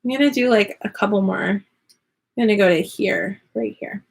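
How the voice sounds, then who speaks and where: A woman's voice: medium pitch, moderate pace, gravelly. A woman in her thirties chatting casually to a live audience at home while she crochets. She rambles with lots of fillers and giggles. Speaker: vlogger and online teacher. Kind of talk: casual live craft chat.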